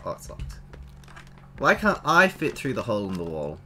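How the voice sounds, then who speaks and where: A man giving casual, animated commentary while playing a horror game, exclaiming and chatting to his viewers. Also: mid-range voice, moderate pace, long pauses, a little hiss or hum. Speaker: let's play gamer.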